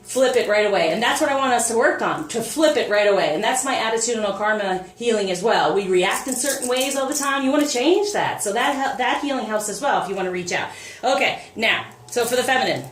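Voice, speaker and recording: Upbeat woman doing a tarot reading, kinda high voice, roomy echo, sits back from the mic. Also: brisk. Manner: upbeat, encouraging, animated with laughs and quoted asides. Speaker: tarot card reader and spiritual coach. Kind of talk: casual spoken tarot reading. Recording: echoey room, voice a bit far from the mic, faint noise.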